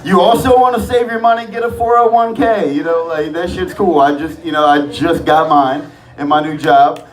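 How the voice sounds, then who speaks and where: A man's voice: fairly high pitch, moderate pace. A man doing a profane, rambling open-mic stand-up set on a comedy club stage. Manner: profane, rambling, loose delivery. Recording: echoey club from far off, crowd laughter.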